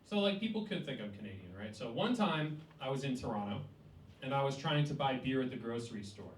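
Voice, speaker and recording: Animated comedian. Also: male voice, mid-range voice, fast, a little hiss or hum. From Cleveland, Ohio. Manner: chatty, rhetorical, with many "like" and "right?". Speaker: stand-up comedian. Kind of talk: stand-up comedy set. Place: small cafe, indoors. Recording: echoey cafe room, distant mic.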